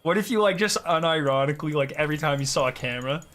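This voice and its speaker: A man's voice: a little high, quick pace, fairly bright tone. A young man streaming a game, chatting casually with his viewers, joking and swearing as he laughs often. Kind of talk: casual live-stream chat.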